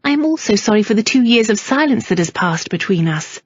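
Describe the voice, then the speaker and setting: A woman reading an audiobook and voicing a remorseful young gentlewoman who speaks softly and humbly. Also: fairly high pitch, lively intonation, brisk, no room sound, highs cut off, voice pushed up. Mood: contrite. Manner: soft, humble, earnest.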